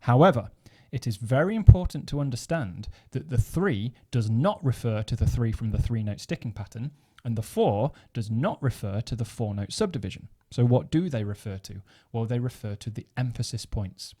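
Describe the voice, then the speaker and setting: A man's voice: medium pitch, animated, moderate pace, mellow, breathy edge. A man teaching snare drum technique, explaining step by step and counting beats aloud as he plays. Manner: methodical, counts beats aloud while playing. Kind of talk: instructional explanation.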